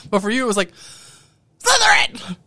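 A woman's voice: lowish voice, expressive, normal speed, fairly bright tone, no echo. A woman co-hosting a casual podcast chat, giggly and teasing. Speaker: podcast co-host.

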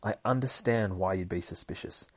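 A steady young heroine with claws, read by a man in his own voice. Her lines come slow and insistent, in a low register. It sounds like a casual comic book read-aloud. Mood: earnest.

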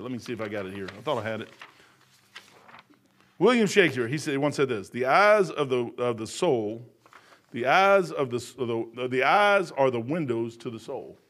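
A man, preaching a sermon in a folksy, storytelling way. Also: mid-range voice. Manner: folksy, storytelling, gets loud and animated telling jokes.

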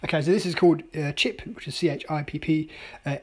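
Vlogger at home rambling about coffee, lots of ums, goes quiet and murmury sometimes. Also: medium pitch, steady tone, fast, breathy edge. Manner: rambling and chatty, with many ums and self-mocking asides. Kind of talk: casual daily video diary. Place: at home, indoors.

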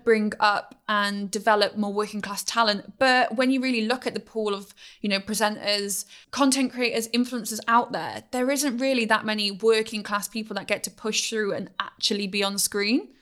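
A woman's voice: mid-range voice, steady tone, normal speed, a bit bright, smooth. A Welsh woman hosting an interview, asking conversational, probing questions. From Wales. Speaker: podcast host.

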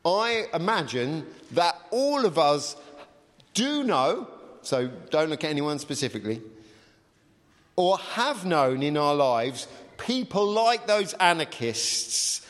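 Male preacher, casual halting delivery, somewhat high voice, long hall reverb. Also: big pitch swings. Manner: chatty, with frequent ums and uhs. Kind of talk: sermon with a read-aloud story.

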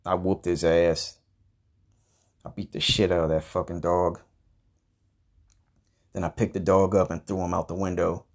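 A man hosting a comedy podcast, telling a crude, profane story in a rambling, deadpan way and grumbling about everything. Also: deep voice. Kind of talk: improvised comedic monologue.

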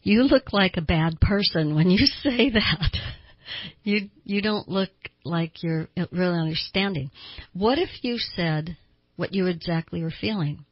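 A middle-aged woman therapist hosts her advice show, talking to listeners with an emphatic, conversational delivery. Her voice sits on the low side and is husky. The recording is dry and dull. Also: animated, measured pace, no room sound. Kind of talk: advice talk show monologue.

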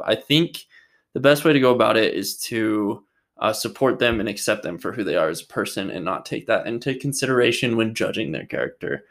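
Animated and fairly quick, with a lowish voice and fairly bright tone, a young Utah man answers his viewers' questions on a vlog. He jokes around, rambles, and swears freely.

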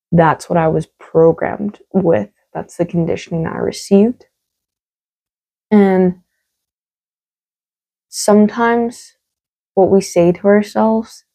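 A woman's voice: fairly low pitch, creaky, warm tone, rough recording. A woman hosting a solo podcast monologue, talking candidly and emphatically, repeating words for stress and swearing freely. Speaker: podcast host.

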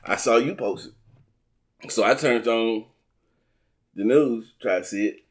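A man's voice: mid-range voice, measured pace. A man co-hosting a casual talk show, telling stories in a laid-back, slangy way. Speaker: podcast co-host. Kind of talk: casual chat.

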